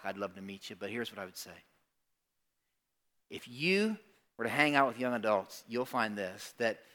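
A man preaching a sermon to a congregation, talking conversationally and swinging between quiet, earnest asides and loud, emphatic bursts. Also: mid-range voice. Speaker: pastor. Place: church service before a congregation.

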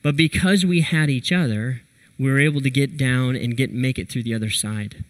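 A man preaching a sermon, telling a personal story in an animated way and acting out his own quotes. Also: medium pitch, moderate pace. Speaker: pastor.

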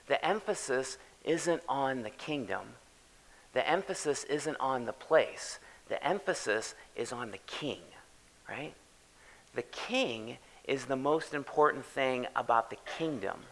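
A man preaching a sermon as pastor, animated and checking in with the congregation with repeated "right?". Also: on the high side, rough recording. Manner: animated, tags lines with "right?".

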